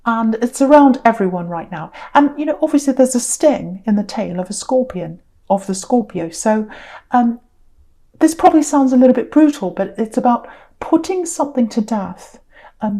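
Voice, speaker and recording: A woman giving a casual spoken tarot reading, chatty and rambling with many ums and restarts, offering gentle reassuring advice. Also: a little high. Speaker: tarot reader.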